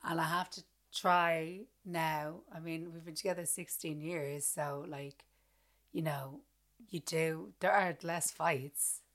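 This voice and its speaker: A woman's voice: low voice, fairly even intonation, slow, fairly bright tone. A woman in her thirties co-hosting a podcast, talking casually and animatedly, swearing freely and acting out quoted exchanges. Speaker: podcast co-host. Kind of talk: casual chat.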